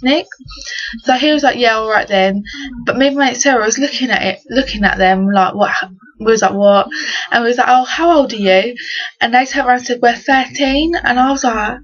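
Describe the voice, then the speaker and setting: A teenage English girl vlogs a casual, exasperated rant full of slang while telling stories. Her voice sits a little high and fairly bright, and the webcam audio is dull and lo-fi.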